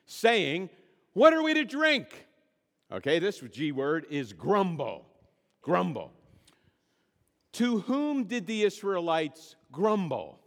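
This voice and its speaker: A man's voice: fairly high pitch, big-room sound. A man preaching a sermon, stressing and repeating key words. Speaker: pastor.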